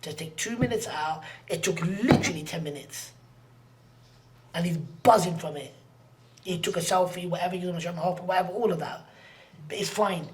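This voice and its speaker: A man telling a personal story as a podcast guest, earnest and slangy. He repeats phrases for emphasis and often drops to a hushed near-whisper. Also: sits high, a little fast, long pauses, slight background noise.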